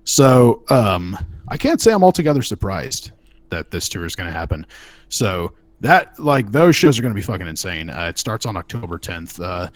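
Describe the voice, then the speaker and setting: A man's voice: fairly low pitch, sing-song, moderate pace. A man co-hosting a podcast in casual chat, loose and profane, often restarting his phrases. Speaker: podcast co-host.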